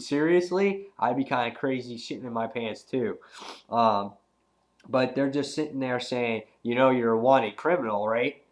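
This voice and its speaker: Young man, has a cold, casual comic reviewer, excitable, slangy, medium pitch.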